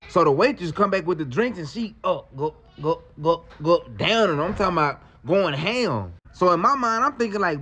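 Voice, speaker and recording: High-voiced man telling a wild story. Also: fairly quick, hardly any pauses. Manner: animated, slangy, acts out quotes. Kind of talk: casual storytelling to camera.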